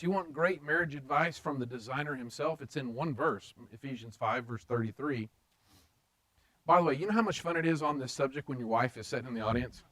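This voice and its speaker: A man's voice: mid-range voice, fairly bright tone, rough recording. A man preaching a conversational sermon, mixing joking asides with acted-out paraphrases of scripture.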